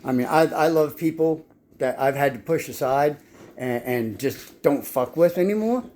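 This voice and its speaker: Pitched on the high side with a darkish tone, this adult man speaks at normal speed in a loose monologue about his life. Curse words fly constantly, and he keeps tripping over himself, repeating words whenever he starts a sentence over.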